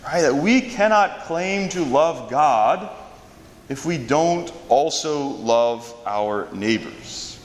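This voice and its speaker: Priest giving a homily in a reverberant church. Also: male voice, on the high side, animated, takes it slowly, a little hiss or hum. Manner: casual preaching with frequent tag "right?". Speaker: Catholic priest. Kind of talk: conversational homily.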